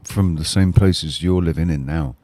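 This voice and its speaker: Deep voiced guy, hesitant, lots of ums, dry close sound. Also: darkish tone, dry recording. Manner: halting, hesitant, with many ums and restarts. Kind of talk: casual podcast chat.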